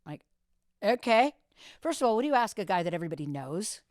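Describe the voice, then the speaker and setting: A woman in her fifties, a radio host on a podcast, telling stories with big, lively swings into a high voice when she quotes people. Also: quick pace, no echo, clean studio sound. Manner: animated storyteller, acts out quotes in a high voice. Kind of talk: casual storytelling chat.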